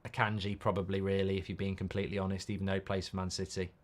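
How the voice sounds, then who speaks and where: A man's voice: deep voice, monotone, very fast. A man hosting a live football watchalong, talking bluntly and reacting to the game while reading viewer comments.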